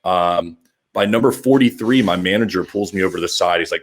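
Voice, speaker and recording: A man hosting a podcast, telling a rambling story with lively acted-out quotes. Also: sits low, brisk. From Orlando area. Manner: rambling, animated, acts out quotes. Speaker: podcast host. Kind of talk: casual storytelling.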